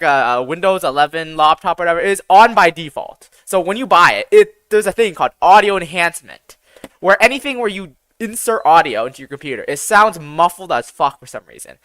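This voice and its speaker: A young man with a boyish, fairly high voice, chatting on a live stream with lots of swearing and self-mockery. His pitch swings widely from line to line. His tone is bright and sharp, and the sound is dry and close. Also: no echo. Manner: profane, self-deprecating, rambling. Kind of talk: casual live-stream chat.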